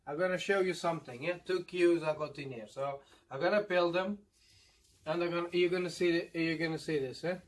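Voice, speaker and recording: Portuguese guy from madeira doing a mukbang, fairly high voice, mixes english and portuguese, keeps saying eh? yeah?. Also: steady tone. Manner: switches between Portuguese and English, repeats "eh?" and "yeah?" to viewers; drawn-out "mm" sounds while eating. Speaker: mukbang host. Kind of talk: casual eating video chat.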